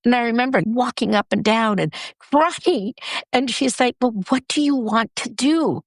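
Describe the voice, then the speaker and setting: Animated woman storyteller, dry close sound. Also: moderate pace, no room sound. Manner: animated, acts out quoted speech with big pitch jumps. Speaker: guest, writer and director. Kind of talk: conversational storytelling in an interview.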